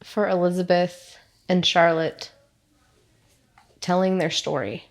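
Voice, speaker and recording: A woman's voice: fairly low pitch, steady tone, slow pace. A woman in her thirties, a mother, giving heartfelt, proud interview answers about her family. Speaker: mother of guests.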